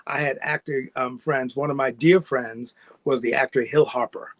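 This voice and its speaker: A middle-aged man from New York, a guest actor telling his story in a relaxed, rambling way and laughing often. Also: mid-range voice, moderate pace, no echo. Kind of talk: casual interview storytelling.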